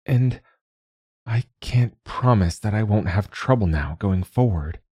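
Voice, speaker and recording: A man voicing an earnest, heartfelt young woman librarian, speaking in a halting, emotional way. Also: lowish voice, expressive, warm tone, slightly rough, no echo, studio quality, pitched above the performer's own voice. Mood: wry.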